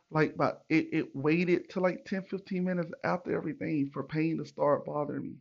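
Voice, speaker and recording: A man tells a story in a loose, animated and profane manner, putting on the voices of the people in it. His voice sits a little high and has a gravelly edge. The recording sounds dull and lo-fi. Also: moderate pace. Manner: animated, profane, retells with acted quotes. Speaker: podcast host. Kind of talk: casual storytelling monologue.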